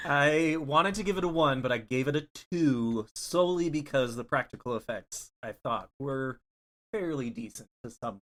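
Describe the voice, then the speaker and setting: A man's voice: medium pitch, animated, moderate pace, a bit bright. A man co-hosting a horror podcast, chatting casually and bluntly, laughing often. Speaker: podcast co-host. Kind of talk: casual chat.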